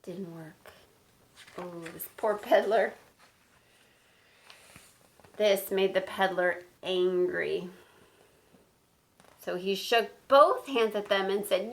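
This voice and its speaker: A woman teacher reading a picture book aloud to children, animated and stopping to ask them questions. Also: mid-range voice, slow pace, pauses often, low-quality recording. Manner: animated, asks listeners questions.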